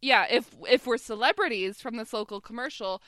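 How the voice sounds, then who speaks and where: A woman's voice: a little high, brisk, pushed and bright, no room sound, clean studio sound. A young woman co-hosting a podcast in casual chat, recapping a TV episode with swearing, laughter and acted-out quotes. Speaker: podcast co-host.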